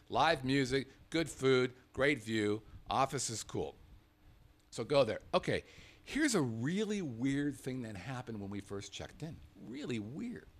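A man telling a travel story in a casual, animated way, swearing freely and acting out the dialogue himself. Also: mid-range voice. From Las Vegas, USA.

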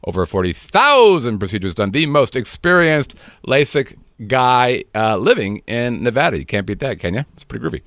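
A man's voice: medium pitch, big pitch swings, moderate pace, fairly bright tone, no echo. A middle-aged man co-hosting a podcast, rambling and joking in casual chat. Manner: rambling, jokey, playful voices. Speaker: podcast co-host.

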